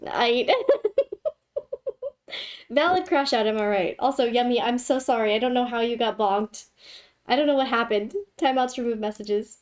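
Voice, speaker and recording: A young woman with a high voice hosts a casual livestream and chats with her viewers. She talks in a giggly, theatrical way and playfully scolds people in the chat. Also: darkish tone. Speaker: livestream host.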